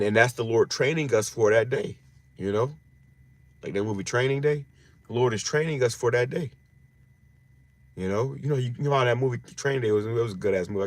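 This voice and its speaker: A man's voice: lowish voice, dry recording. A man giving an informal scripture teaching in slangy street talk, often repeating phrases and restarting his words. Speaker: religious teacher.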